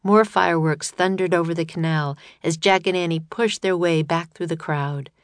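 Audiobook narrator, woman, low-ish voice, steady storytelling, close and dry. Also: moderate pace, dry recording.

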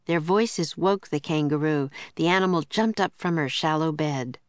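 A woman reading a children's book aloud in a clear, steady storytelling voice. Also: low-pitched, moderate pace, few pauses, dry recording. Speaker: narrator.

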